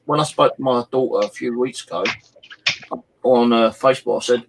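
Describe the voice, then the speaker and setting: A man's voice: mid-range voice, moderate pace, vocal fry, long pauses, slight background noise, rough recording. A middle-aged man chatting casually on a live stream, rambling through stories and swearing freely. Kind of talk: casual chat.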